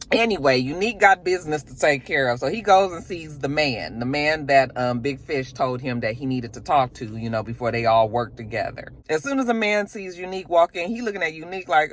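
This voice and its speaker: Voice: medium pitch, brisk, hardly any pauses, dry recording. A TV reviewer recapping an episode in a casual, slangy storytelling way, full of asides and fillers.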